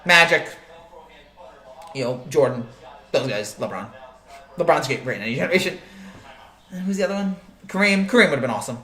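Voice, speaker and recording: A man's voice: a little high, lively intonation, fairly quick, long pauses, sharp tone, roomy sound. Rambling joking man hosting a sports stream. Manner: rambling, joking, many restarts and fillers. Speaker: sports show host reading live chat. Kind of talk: casual live-stream chat.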